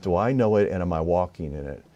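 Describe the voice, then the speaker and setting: A man, a minister, telling a spiritual story in an interview, earnest and halting with frequent restarts. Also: low-pitched, animated, mellow, muffled recording.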